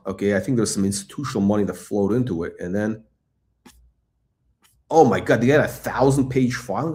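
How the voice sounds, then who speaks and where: A middle-aged man hosting a live stock chat, talking in an excitable, blunt, repetitive way and swearing now and then. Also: lowish voice, a little fast. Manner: excitable hype, blunt, swears, repeats himself. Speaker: stock channel host. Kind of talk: livestream stock chat reading chat questions.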